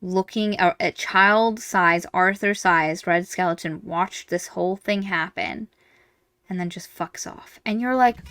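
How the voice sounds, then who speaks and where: A woman co-hosts a casual book podcast with a bright, forceful voice that sounds close and dry. She talks in an animated way, jumps into quoted reactions and swears freely. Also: on the low side, unhurried, no room sound. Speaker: podcast co-host.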